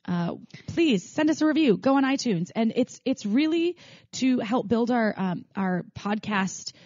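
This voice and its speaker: A woman's voice: on the high side, lively intonation, a little slow, darkish tone, slightly rough, no room sound, highs cut off. A woman co-hosting a podcast, chatting casually with lots of fillers and restarts. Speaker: podcast co-host.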